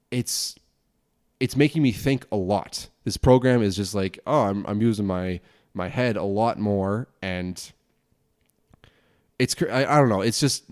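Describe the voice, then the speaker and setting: A young man hosts his own podcast alone, talking a mile a minute in loose, rambling sentences full of restarts and casual swearing. His voice sits a little low. The sound is dry and close, with no room echo. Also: a little mellow. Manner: fast rambling talk, frequent swearing and restarts. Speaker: podcast host and broadcasting student.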